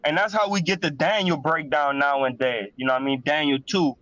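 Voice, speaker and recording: A man's voice: fairly high pitch, a little fast, fairly bright tone, no room sound, lo-fi sound. A man joining a casual scripture discussion from his car while driving, explaining passages in a slangy way. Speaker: Bible study participant.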